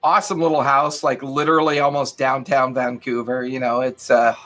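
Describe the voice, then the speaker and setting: A man's voice: mid-range voice, level tone, fairly quick, a bit bright. A man co-hosting a podcast in casual chat, rambling and leaning on "you know". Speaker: podcast co-host.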